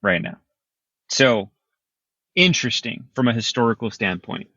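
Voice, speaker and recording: A man's voice: mid-range voice, a little slow, pushed and bright, no echo, lo-fi sound. A man, explaining security topics in a casual panel chat and laughing often. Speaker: security expert.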